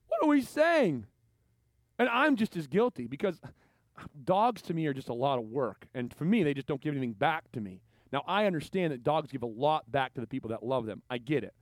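A man's voice: a little high, sing-song, normal speed, no echo. A male pastor preaching a sermon, telling stories animatedly and acting out the voices of the people in them.

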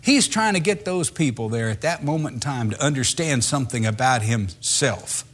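Man, preacher, sermon delivery; conversational and dramatic, with pitch that swings widely. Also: normal speed. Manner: lively and conversational, acts out voices with laughter.

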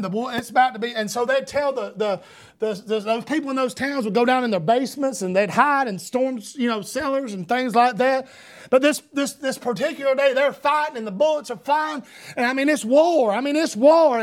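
A man preaching a sermon as pastor. He swings between loud shouted preaching and quieter storytelling. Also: very high voice. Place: church.

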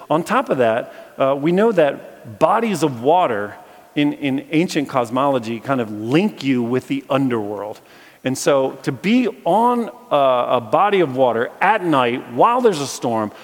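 Preacher, male, chatty Bible storyteller with playful asides, mid-pitched, long reverb of a big hall. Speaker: preacher and philosophy teacher. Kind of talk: conversational sermon with Bible reading.

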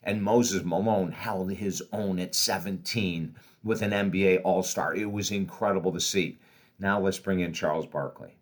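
Male host, 60s, low register, motivational monologue, energetic storyteller. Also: normal speed. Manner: animated storyteller, swinging from loud excitement to quiet asides. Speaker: podcast host and author.

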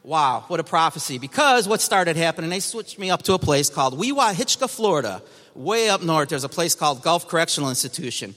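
Brief: man sharing his testimony to a congregation, emphatic and bright-toned, long hall reverb. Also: fairly high pitch. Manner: emphatic, storytelling. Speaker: church testimony speaker.

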